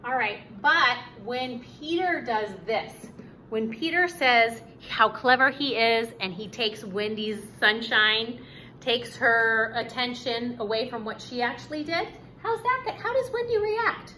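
A woman teaching a recorded lesson for young students. She stretches out her key words and speaks in an encouraging way. Her voice is bright and fairly high, and it moves up and down a lot. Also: lively intonation, slight background noise, poor audio. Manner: slow, emphatic, encouraging teacher talk. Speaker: fourth grade teacher. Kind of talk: recorded online reading lesson.

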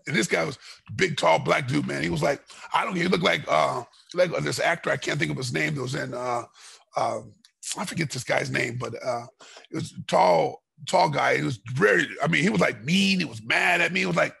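A middle-aged man, a former fighter, telling a rambling story in a podcast interview and getting loud and heated as it goes. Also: fairly high pitch, fairly quick, gravelly, slightly rough. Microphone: podcast microphone.

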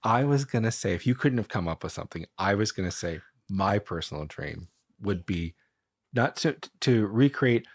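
A man's voice: on the low side, lively intonation, moderate pace, husky, no room sound, studio quality. A man hosting a podcast interview, easygoing and a bit rambling, joking about himself. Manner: easygoing, rambling, self-deprecating. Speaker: podcast host. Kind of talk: casual interview.

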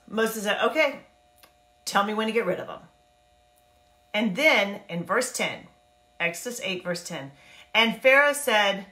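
A woman giving a casual, animated Bible talk, chatty and acting out characters in quick asides. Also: medium pitch, roomy sound. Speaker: Bible teacher and life coach. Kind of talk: casual Bible teaching to camera.

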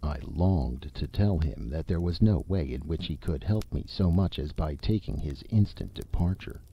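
A man narrating a classic short story as an audiobook reader, with an expressive, measured delivery. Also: very deep voice, lo-fi sound, slight background noise.

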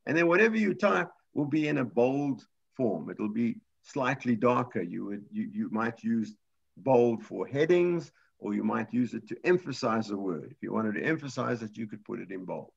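A man's voice: mid-range voice, expressive, normal speed, creaky, slightly rough, muffled recording. A man teaching a computer class, explaining step by step in a patient way with frequent restarts. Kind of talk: live class lesson.

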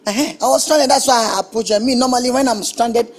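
A taunting Nigerian electrician. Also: male voice, very high voice, fast, low-quality recording. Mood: mocking. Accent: Nigerian English. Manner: mocking, indignant, stammering repetitions. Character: brash young male electrician, taunting and touchy. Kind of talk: film acting.

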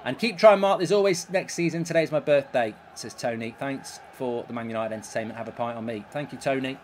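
A man streams football gameplay, cursing and ranting about his moves and voicing messages from chat. His mid-range voice runs a little fast, and faint hiss or hum is audible.

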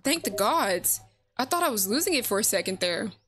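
A woman's voice: mid-range voice, big pitch swings, a little fast, a bit bright, slight background noise. A woman reading the lines of a friendly young man who runs a coffee shop, in a casual, upbeat way. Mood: chatty. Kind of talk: game dialogue read aloud. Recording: game music behind.

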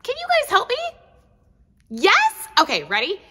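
A woman with a very high voice, speaking a little slowly with a long reverb tail, is a preschool teacher giving a children's Bible lesson. She talks animatedly both to the children and to an unseen puppet dog she treats as a pet.

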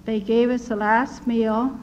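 An older woman giving an earnest personal testimony, telling her story in a measured way with restarts. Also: a little high, little pitch movement, a little mellow. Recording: dull lo-fi recording with faint noise.

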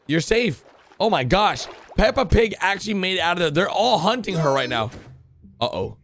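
An excitable man reacting to animated game clips, his fairly high voice swinging widely as he cheers and blurts out comments. Loud background music and clip audio play under him throughout. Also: a little fast. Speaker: reaction video host.

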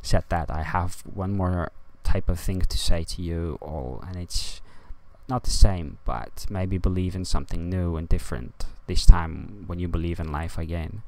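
A man rambling in a monologue to his viewers, ranting and swinging from loud to quiet. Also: deep voice, steady tone, normal speed. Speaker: vlogger.

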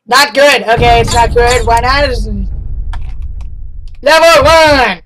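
A young man commenting on his own gameplay, loud and excitable with frequent yelling outbursts. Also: very high voice, normal speed. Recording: noisy home mic.

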